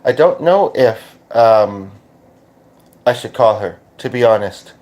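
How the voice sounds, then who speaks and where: A Canadian man hosting a podcast as a medium, talking casually and haltingly with many restarts. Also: medium pitch, lively intonation, a little mellow. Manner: hesitant, full of restarts and fillers. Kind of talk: casual channeling monologue.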